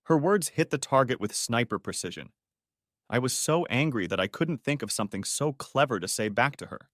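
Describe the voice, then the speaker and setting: A man narrating a first-person drama audiobook in a dramatic, expressive way. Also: medium pitch, moderate pace, no echo, clean studio sound.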